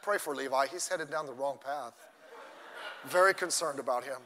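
An older man who is a grandfather, preaching a conversational sermon in church with asides and sudden loud bursts. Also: medium pitch, moderate pace, big-room sound, slight background noise. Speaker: pastor. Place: church sanctuary.

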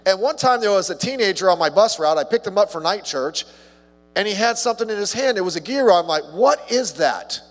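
A pastor delivers a casual evening sermon, talking fast in a chatty, humorous style, his voice jumping higher when a story excites him. The recording carries long hall reverb.

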